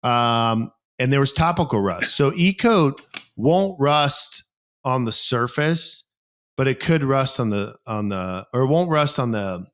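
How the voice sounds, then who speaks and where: A man talks loosely on a podcast, circling back through his points with fillers and restarts. His voice sits at an ordinary middle pitch, and he explains things in a relaxed, conversational way. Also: measured pace. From United States. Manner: rambling, animated storytelling with acted quotes. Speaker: podcast co-host, gym equipment owner. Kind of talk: casual chat.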